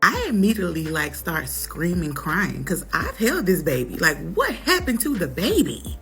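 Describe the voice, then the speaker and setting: Brief: woman in her twenties, storytime, lowish voice, faint music under. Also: moderate pace. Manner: animated, acts out quotes in others' voices. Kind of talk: casual storytime.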